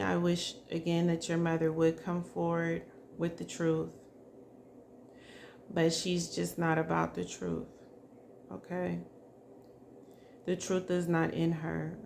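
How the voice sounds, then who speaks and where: A woman doing a psychic spirit reading, speaking softly and emotionally and addressing the spirit directly. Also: fairly low pitch, little pitch movement, slow, vocal fry, pauses often, a little hiss or hum. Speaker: psychic reader.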